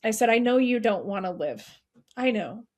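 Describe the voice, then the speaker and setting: A middle-aged woman, a podcast guest, telling a painful personal story in an earnest, heartfelt way with quick restarts. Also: on the high side, lively intonation, darkish tone. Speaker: podcast guest, nonprofit founder.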